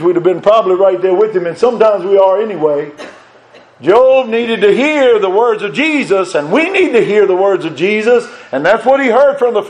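A man with a notably high speaking voice preaches a sermon. He quotes scripture in old-fashioned biblical wording and builds fervent emphasis on repeated refrains. His delivery is full of restarts and repeated words. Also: darkish tone, rough recording.

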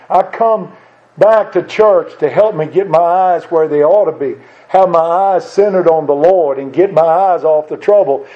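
A man's voice: high voice, mellow. A man preaching a sermon, asking the listeners rhetorical questions and quoting old scripture. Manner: earnest, rhetorical questions, quotes King James scripture. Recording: dull lo-fi sound.

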